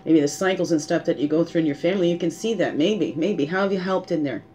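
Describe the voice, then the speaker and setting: A woman's voice: on the low side, quick pace, dark tone, a little hiss or hum. Musing woman hosting spiritual talk. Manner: musing, asks rhetorical questions, adds 'right?' and 'hmm'. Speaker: spiritual guidance show host.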